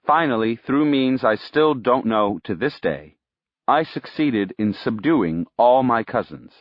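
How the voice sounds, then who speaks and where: A man's voice: medium pitch, unhurried, no echo. Man reading an audiobook, dry and dull. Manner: steady first-person storytelling. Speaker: audiobook reader. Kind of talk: scripted narration.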